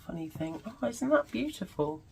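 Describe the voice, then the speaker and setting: A woman's voice: mid-range voice, very animated, moderate pace, creaky, darkish tone, slightly rough, low-quality recording. A woman at her home crafting table, gushing and musing aloud as she chats casually through her craft supplies. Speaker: craft vlogger.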